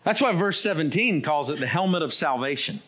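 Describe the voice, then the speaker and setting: A man's voice: lively intonation, fairly quick. Emphatic middle-aged male preacher. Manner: emphatic preaching that swings between loud high bursts and low quiet asides. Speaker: pastor. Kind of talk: sermon.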